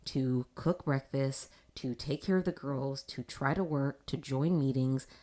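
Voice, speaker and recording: A woman hosting a casual faith talk show, telling a personal story in an animated way and laughing often. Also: extremely low pitch, unhurried. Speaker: podcast host.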